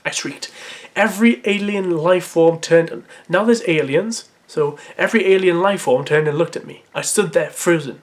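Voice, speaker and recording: A man's voice: a little high, moderate pace. A man reading aloud a story he wrote as a child, breaking off often for sarcastic, mocking commentary and laughter. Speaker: reader of his own childhood story. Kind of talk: comedic dramatic reading with commentary.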